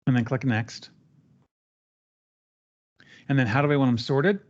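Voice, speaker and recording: A man guiding a trainee step by step through a software training session, relaxed and chatty with fillers. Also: medium pitch, unhurried, highs cut off. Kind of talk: live screen-share training session.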